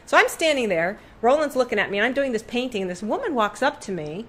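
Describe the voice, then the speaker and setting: This middle-aged woman, an artist guesting on a podcast, relates a story in conversation while her paintings hang around her. She's an animated, fast talker with a fairly bright tone, and she acts out quoted voices by jumping abruptly in pitch.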